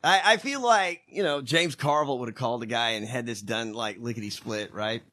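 A man co-hosting a podcast, giving crude, mocking commentary that swings between loud outbursts and low mutters. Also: fairly quick. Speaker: podcast co-host. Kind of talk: casual profane commentary.

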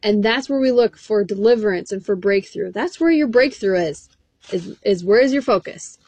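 A woman's voice: mid-range voice, expressive, moderate pace, a little mellow, breathy edge. A woman preaching an encouraging sermon, reading scripture verses aloud in an earnest way.

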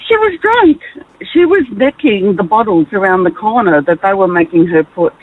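A woman calling in to a radio show to tell an animated story. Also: medium pitch, a little fast. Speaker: caller, former nurse. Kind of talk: telling a story. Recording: tinny phone line.

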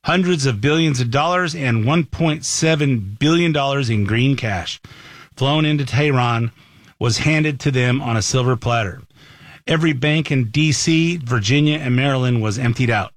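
A man's voice: mid-range voice, moderate pace, no echo. A man hosting a talk show, giving conversational, opinionated commentary into a studio mic.

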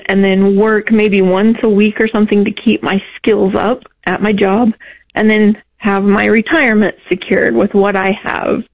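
A woman calls in to a radio advice show, audibly emotional and close to tears. She speaks haltingly, pausing and restarting her sentences. Her voice comes through a tinny, phone-like line. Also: medium pitch. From Texas. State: tearful, emotional. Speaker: caller. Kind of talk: call-in radio conversation.

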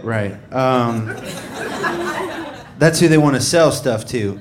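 A man's voice: mid-range voice, lively intonation, takes it slowly, a crowd in the background. A man doing a stand-up routine in a wry, sarcastic, conversational manner, recorded live with audience noise. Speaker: stand-up comedian.

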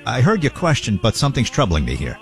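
A man doing a slow, sing-song impression of a blustering older male president. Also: mid-range voice, huge pitch swings, loud music behind the voice. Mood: mocking.

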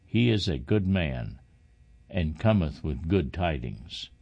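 A man's voice: very deep voice, big pitch swings, slow pace, gravelly, a little mellow, husky, muffled recording, heavily acted. A man reading the part of an old king crying out in grief for his son. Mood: calm.

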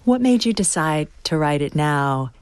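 A woman interviewer asking measured, thoughtful questions. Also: low voice, lively intonation, darkish tone, clean tone, no echo.

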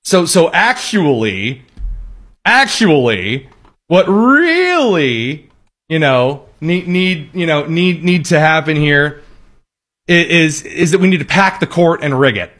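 A man hosting a political commentary show, talking in a sarcastic, mocking monologue and sometimes jumping to high parody voices. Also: expressive, a little slow, a bit bright.

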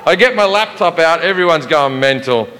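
An Australian man performing a stand-up routine, telling an animated story with sweary asides. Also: fairly high pitch, moderate pace, in a large hall, a little hiss or hum. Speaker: stand-up comedian. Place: live comedy venue.

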